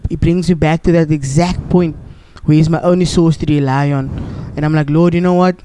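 Earnest South African man, high voice. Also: fairly even intonation, brisk, warm tone, slight background noise. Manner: earnest, preachy, calls listener "bro". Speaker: podcast guest. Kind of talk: casual testimony. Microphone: studio mic.

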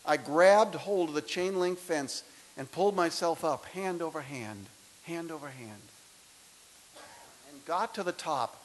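A man in his sixties giving a motivational speech to students, his delivery swinging between loud emphasis and soft, intimate lines. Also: a little high, low-quality recording. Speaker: speaker. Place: lecture hall.

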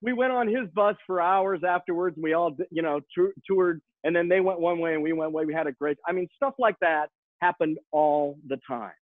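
A man in his sixties, a guest rock musician, telling stories in an excitable way with many repeated words and restarts, heard over a phone line. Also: a little high, brisk, no echo. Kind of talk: animated storytelling. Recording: tinny phone line, dry.

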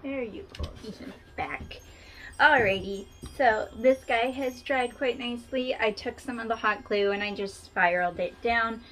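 A woman's voice: a little high, normal speed, a bit bright. A woman hosting a casual craft tutorial, chatting to the viewer and poking fun at herself as she works. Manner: chatty and self-deprecating, talking to the viewer while working.

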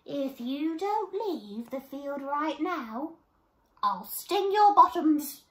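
A woman voicing a tiny, determined female bee in a children's storybook, with a very high, piping voice. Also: sing-song, slow, reverberant, heavily acted. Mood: threatening.

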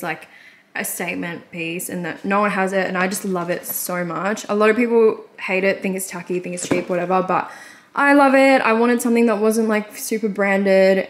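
A woman's voice: lowish voice, slight background noise. A young woman in her twenties with an Australian accent, telling a rambling story to camera in a casual vlog, full of "like" fillers. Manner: fast rambling with frequent "like" fillers. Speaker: vlogger.

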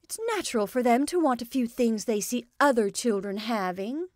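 A woman's voice: sits high, animated, moderate pace, no echo, studio quality, voice pushed up. A woman voicing a patient, plaintive middle-aged mother who sighs over her children's wants.

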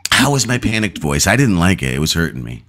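A man's voice: deep voice, big pitch swings, fast talker, a bit bright. A man co-hosting a podcast over a video call, joking in a loose, profane way. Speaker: podcast co-host. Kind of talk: casual chat.

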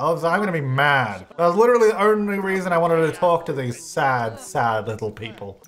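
A man's voice: on the high side, lively intonation, fairly quick, a bit bright. A man hosting a casual let's-play, chatting to the game's characters and exclaiming at glitches as he goes. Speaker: gaming channel host.

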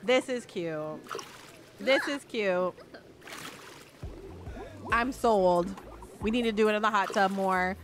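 A woman giving casual gameplay commentary, excitable and quick to squeal and swear. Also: mid-range voice, over music. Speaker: gaming channel host.

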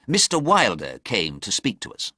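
Brief: male storybook narrator, bright tone, very lively pitch, dry close sound. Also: moderate pace, slightly rough, dry recording. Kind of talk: slow storybook narration for English learners.

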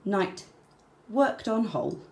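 A woman reading a children's storybook aloud, slow and deliberate, with soft, breathy word endings. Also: medium pitch, animated. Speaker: children's book reader. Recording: roomy echo.

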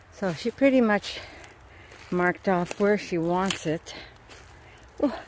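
A woman's voice: fairly low pitch, slight background noise. Middle-aged woman vlogger, winded, rambling walk-and-talk outdoors, faint ambience behind. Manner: rambling, breathy asides while walking. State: tired and out of breath. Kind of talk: casual walking vlog. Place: outdoors in woods.

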